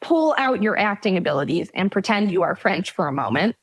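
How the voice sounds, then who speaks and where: Female podcast guest, mid pitch, dry close sound, direct and emphatic advice-giver. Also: big pitch swings, brisk, slightly rough, no room sound. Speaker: guest, travel guide author. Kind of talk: casual conversational interview.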